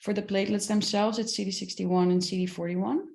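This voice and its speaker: A woman's voice: mid-range voice, fairly even intonation, a little fast, gravelly, darkish tone, echoey room. A woman researcher answering audience questions in a panel discussion, careful and full of fillers, over a video call. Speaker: presenting researcher.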